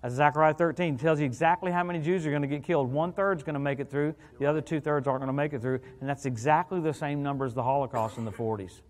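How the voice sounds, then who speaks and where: A middle-aged man preaching an evangelical sermon as a guest minister, animated and joking, often calling out "hallelujah" and "come on". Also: a little high, fast, hardly any pauses.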